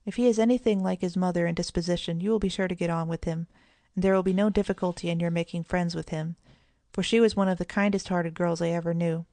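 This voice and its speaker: A woman's voice: fairly low pitch, steady tone, quick pace, dry recording, close to an everyday voice. A woman reading as a grave, kindly mother. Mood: gentle. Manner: grave and gentle. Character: sensible, kindly mother of two children.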